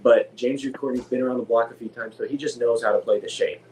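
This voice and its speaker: A man talks casually on a podcast, working out his views as he goes. His voice sits at a middle pitch for a man. There is a faint wash of background noise. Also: steady tone, fast, rough recording. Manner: thoughtful, mulling out loud. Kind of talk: casual chat.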